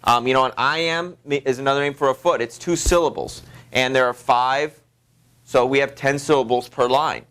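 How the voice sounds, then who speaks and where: A man teaching a high school literature class in a loose, rambling way, full of fillers and restarts. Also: normal speed, a bit bright, clear, resonant tone. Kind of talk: classroom lecture.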